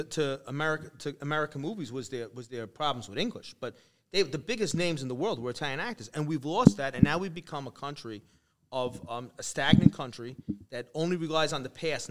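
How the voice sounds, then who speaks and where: A man's voice: a little high, very noisy. A man hosting a casual conversation, telling stories animatedly and acting out the people he quotes. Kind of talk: casual chat.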